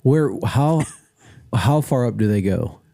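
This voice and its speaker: A man co-hosting a podcast in casual chat, asking halting, joking questions. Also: medium pitch, lively intonation, gravelly, dark tone, dry recording, clean studio sound. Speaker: podcast co-host.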